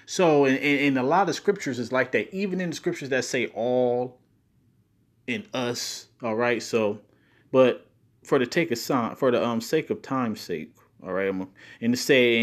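A man's voice: mid-range voice, unhurried. A man with a speech impediment teaching from scripture in a video, stressing key words as he reads verses aloud. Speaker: Bible teacher.

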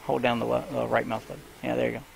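A man streaming his own gameplay, talking casually to a teammate in a loose, chatty way and giving quick instructions. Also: mid-range voice, completely flat delivery, gravelly, noisy background.

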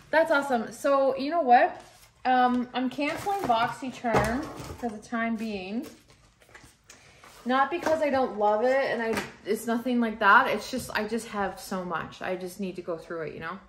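A woman's voice: a little high, moderate pace, a little hiss or hum. A Canadian woman in her thirties chatting casually in a home vlog, rambling and laughing often. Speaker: vlogger, mom. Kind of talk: casual weekly vlog chat.

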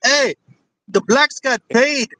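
A man's voice: extremely high pitch, takes it slowly, sharp tone, no room sound, rough recording. A male caller arguing on a call-in show, taunting and profane, heavy on slang. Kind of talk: heated call-in argument.

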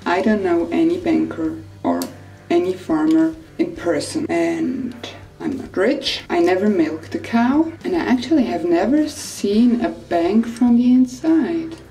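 A woman's voice: lowish voice, expressive, unhurried, gravelly, dark tone. A young Swiss woman with a Swiss German accent, vlogging in a playful, mock-serious way. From Switzerland. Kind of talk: casual sarcastic vlog. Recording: roomy indoor echo, faint music.

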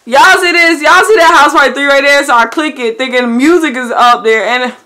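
Young woman, casual vlog chat, high-ish voice, very bright and forceful tone, talks straight to viewers, bursts into excited shouts. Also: a little fast. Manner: animated, swings into loud excited shouts and laughs. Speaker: YouTuber.

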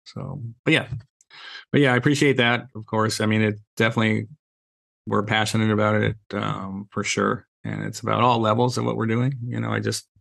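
Gravelly low-voiced man telling stories. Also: flat delivery, a little fast, fairly bright tone, no room sound. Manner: acts out quoted dialogue, frequent "you know" fillers. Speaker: podcast guest, safety trainer. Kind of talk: casual conversational storytelling.

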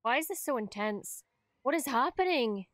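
A young woman streamer reacting to a TV episode at home, talking casually and breaking into quick, excitable exclamations. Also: sits high, no room sound. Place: home room, wrapped in a blanket.

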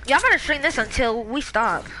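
High-voiced excited teen boy gamer. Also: fairly quick, background noise. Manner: playful, teasing, excited callouts. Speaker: streamer. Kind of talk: gaming stream chat.

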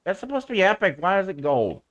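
Male streamer, casual game commentary, very lively pitch, coos at his pet. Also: quick pace, lo-fi sound. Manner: chatty, talks to viewers and coos baby talk at his pet creature.

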